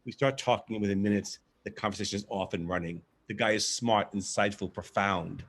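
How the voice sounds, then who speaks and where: A man with a low, husky voice reads his own story aloud in a live theatre piece. He tells it expressively, in the first person, as a monologue. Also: steady tone, fairly quick, fairly bright tone.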